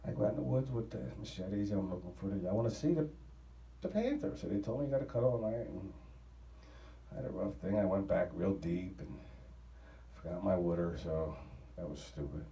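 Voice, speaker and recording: A man's voice: deep voice, brisk, dark tone, roomy sound, recorded from a distance, poor audio. A man, rambling through a profane travel story in a casual, offhand way. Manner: profane, rambling, laughing at his own story.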